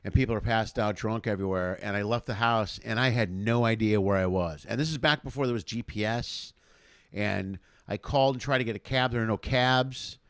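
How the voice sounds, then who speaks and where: An easygoing male host in a relaxed comedy chat, agreeable and quick to laugh along. His voice sounds dry and close, with no room echo. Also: lowish voice. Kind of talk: casual chat.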